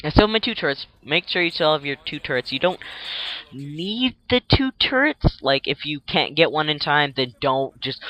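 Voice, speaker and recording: A man's voice: a little high, animated, normal speed, bright, forceful tone, a little hiss or hum. Chatty young man narrating gameplay. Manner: chatty, rambling, jokey, acts out enemies in silly voices. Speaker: gaming tutorial narrator. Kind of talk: casual gameplay commentary.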